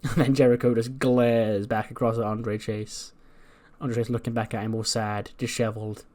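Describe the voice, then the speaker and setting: Brief: casual, chatty man narrating a wrestling sim playthrough, middling pitch. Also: little pitch movement, moderate pace, a little mellow. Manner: chatty, laughing asides, self-correcting. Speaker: game channel host.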